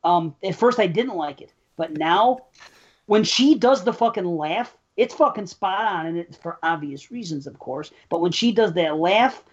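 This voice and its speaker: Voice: mid-range voice, lively intonation, moderate pace, husky. Blunt, swearing film fan. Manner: emphatic, swears often, opinionated. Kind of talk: casual film discussion. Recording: slightly dull audio.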